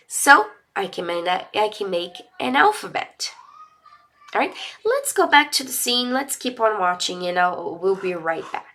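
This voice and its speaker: A woman's voice: medium pitch, sing-song, measured pace, pushed and bright. A woman with a Brazilian accent teaching English in a live lesson, explaining patiently step by step and switching into Portuguese.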